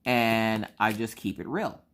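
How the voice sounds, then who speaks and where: A woman's voice: rumbling low, a little slow. A woman hosting a crafting channel, telling a story in casual chat and acting out both sides of conversations.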